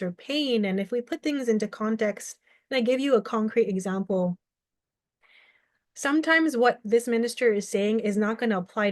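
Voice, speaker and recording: A young adult woman who advocates for mental health offers earnest, reflective commentary on video, using everyday examples to explain her view and acting out brief quoted exchanges. Her mid-range voice is slightly mellow, recorded clean in a studio with no room sound.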